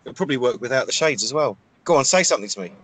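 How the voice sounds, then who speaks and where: A man co-hosting an improvised comedy chat, with a dry and playful deadpan manner. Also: medium pitch, rapid-fire, breathy edge. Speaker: comedy co-host.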